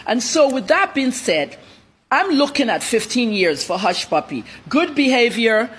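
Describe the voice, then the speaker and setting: A woman journalist from Nigeria, a guest on a TV interview, telling her story in a blunt, rapid-fire way. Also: on the high side, big pitch swings, a little hiss or hum. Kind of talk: TV interview commentary.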